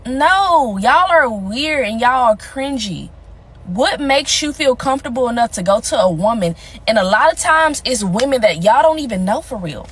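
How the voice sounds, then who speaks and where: Brief: woman, bright high voice, blunt scolding rant. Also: expressive, a little slow, breathy edge. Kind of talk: casual rant to camera.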